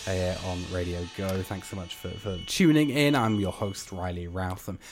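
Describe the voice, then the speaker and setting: A man hosting a comedy radio show, bantering with his guests and throwing in quick asides. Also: low voice, expressive, music in the background.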